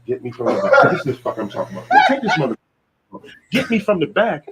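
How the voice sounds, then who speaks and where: A man's voice: a little high, sing-song, quick pace, heavy background noise. A man playing a fed-up customer in a barber chair. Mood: exasperated. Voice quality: exasperated, swearing rant. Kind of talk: comedy skit.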